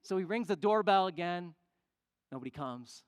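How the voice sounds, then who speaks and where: Preacher spinning a story from the pulpit, middle pitch, lots of echo in the church. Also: moderate pace. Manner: animated storyteller acting out quoted people. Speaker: pastor. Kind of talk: sermon storytelling. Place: church sanctuary. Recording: long church reverb.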